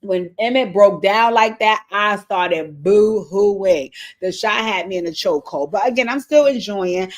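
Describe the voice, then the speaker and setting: A woman giving a casual, animated recap of a TV episode, with blunt, profane commentary and asides straight to her viewers. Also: mid-range voice, measured pace, few pauses. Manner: chatty, talks straight to viewers. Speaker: TV recap host.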